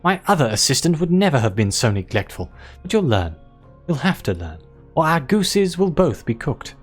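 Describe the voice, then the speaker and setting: A man's voice: a little high, very animated, moderate pace, faint music behind. A man doing a huffy, posh English magician. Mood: haughty. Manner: huffy, demanding. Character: fussy bald male stage magician, impatient and haughty.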